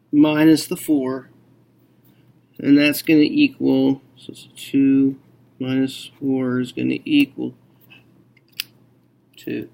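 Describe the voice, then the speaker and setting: Slow, gravelly male math teacher. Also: medium pitch, darkish tone. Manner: slow, thinking aloud with many okays. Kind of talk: math lesson walkthrough.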